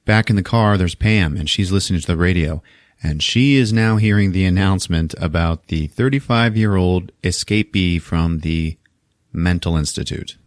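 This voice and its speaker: A man hosting a podcast, retelling a film plot in a casual, animated and profane way and acting out the characters. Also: low-pitched, normal speed, no echo, clean studio sound. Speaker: podcast host.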